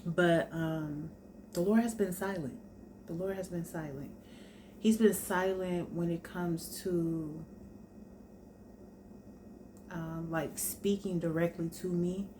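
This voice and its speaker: A young woman with a notably low voice talks to her viewers in a loose, chatty sit-down vlog. She tells stories informally and keeps turning back to the audience. A faint hiss sits under her voice. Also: steady tone, takes it slowly, long pauses. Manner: chatty, informal storytelling, addresses viewers as y'all. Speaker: vlogger. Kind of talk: casual sit-down chat.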